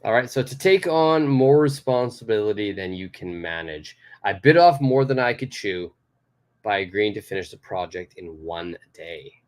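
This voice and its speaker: A man's voice: lowish voice, animated, normal speed. A man from Canada teaching English idioms in a live online lesson, explaining patiently and repeating key phrases. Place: home studio in Tokyo.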